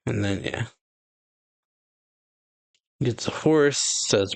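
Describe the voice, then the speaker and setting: A man's voice: fairly low pitch, takes it slowly, pauses often. A man casually reading through a manga chapter, reciting character lines with light emphasis and frequent fillers. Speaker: manga reaction host.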